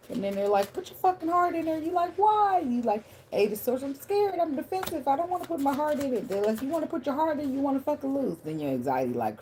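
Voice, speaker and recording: A woman's voice: deep voice, warm tone, a little hiss or hum. A woman giving a casual tarot reading in a blunt, profane, conversational way. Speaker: tarot reader.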